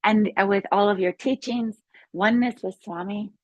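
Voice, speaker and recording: A woman who is a yoga instructor tells her healing story in a casual, excited, rambling way, with many restarts. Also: mid-range voice, normal speed, no room sound, lo-fi sound. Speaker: guest sharing a healing testimony. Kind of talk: casual spoken testimony.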